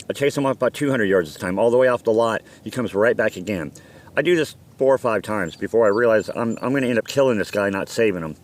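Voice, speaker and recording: A man's voice: on the low side, fast. A man telling a story from his own life in a casual, blunt, profane way, acting out heated quotes. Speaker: storyteller recounting a personal incident.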